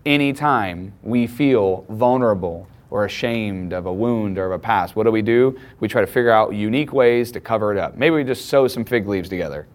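A man's voice: lowish voice, a little fast, hardly any pauses. Conversational man preaching a sermon. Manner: conversational, emphatic preaching with acted quotes. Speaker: pastor.

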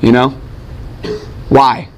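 A man's voice: mid-range voice, level tone, very slow, slight background noise. A man teaching a Bible class, asking his students questions and answering them himself.

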